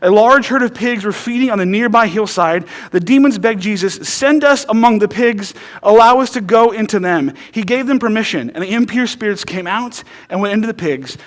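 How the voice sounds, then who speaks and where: A pastor preaching in a loose, conversational way, tossing in "right?" to keep the room with him. His voice sits very high for a man. He tells stories with emphasis and humor. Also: brisk, hardly any pauses, fairly bright tone. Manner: emphatic storytelling. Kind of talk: sermon.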